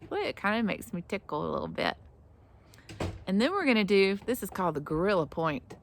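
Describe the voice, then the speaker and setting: A woman teaching a tapping exercise to children, speaking slowly and encouragingly and praising them often. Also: medium pitch, big pitch swings, creaky, a little hiss or hum. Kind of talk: gentle instruction for kids.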